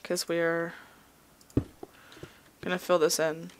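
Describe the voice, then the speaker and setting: A woman's voice: fairly low pitch, little pitch movement, takes it slowly, a little hiss or hum. A young woman in her college years chatting and rambling to herself while hosting casual gameplay commentary. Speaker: gaming video host.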